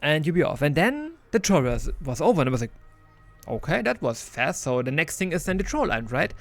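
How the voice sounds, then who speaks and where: A man's voice: a little high, very animated, fast, dry recording, faint music behind. Chatty man reviewing a game. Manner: chatty and enthusiastic, with many restarts and some laughs. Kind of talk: casual spoken game review.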